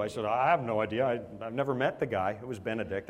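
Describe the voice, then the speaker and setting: A man's voice: fairly high pitch, big pitch swings, quick pace, hardly any pauses. A man preaching a sermon, telling a story with animation and laughing at himself along the way. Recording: hall with long reverb.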